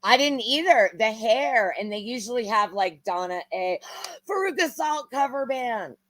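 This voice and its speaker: Co-host: woman, slow-paced, animated pitch, dry close sound, easygoing banter. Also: no echo. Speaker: guest co-host. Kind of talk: casual live aftershow chat.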